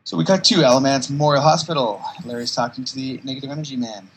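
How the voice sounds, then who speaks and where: A man's voice: medium pitch, quick pace, fairly bright tone, a little hiss or hum, low-quality recording. A man hosting a podcast who recaps a comic casually and animatedly, acting out quotes. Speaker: podcast host.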